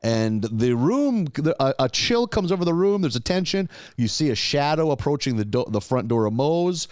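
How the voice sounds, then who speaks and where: A man's voice: on the high side, sing-song, moderate pace, darkish tone, dry recording, studio quality. A man co-hosting a podcast, casually recapping episodes in a laid-back way, with lots of swearing. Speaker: podcast co-host.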